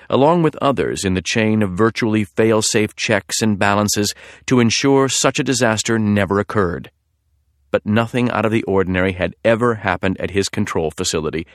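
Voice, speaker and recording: A man narrating a thriller audiobook in a measured, suspenseful way. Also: on the low side, no echo, studio quality.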